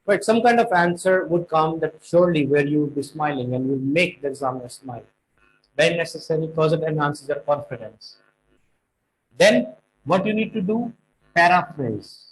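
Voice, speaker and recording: A man teaching speaking exam tips, stressing key words and slowing down to make points. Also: fairly high pitch, animated, low-quality recording. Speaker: IELTS tutor.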